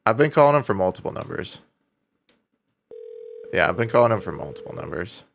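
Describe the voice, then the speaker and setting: A man's voice: lowish voice, big pitch swings, fairly quick, gravelly, slight background noise. A young man live-streaming in a casual chat, swearing freely, laughing often and reading out viewer donations.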